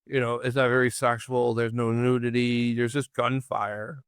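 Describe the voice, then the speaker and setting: A man with a smooth, clear voice chats casually about old comedies on a review show. He talks in a loose, rambling way, restarting his sentences and laughing easily. The sound is close and dry. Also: medium pitch, little pitch movement, moderate pace, no room sound. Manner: rambling, with frequent restarts and fillers; laughs easily while recounting scenes. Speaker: podcast co-host. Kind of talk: casual movie-review chat.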